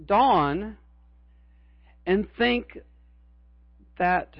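Earnest high-voiced male preacher, slow. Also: animated, no echo, muffled recording. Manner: earnest, emphatic preaching with repeated phrases. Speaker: pastor. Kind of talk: sermon.

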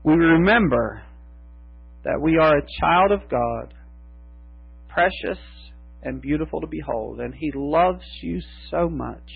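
A man preaching a sermon as pastor, slow and emphatic with long pauses. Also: fairly high pitch, animated, gravelly, husky, no echo. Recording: tinny phone-like sound with mains hum.

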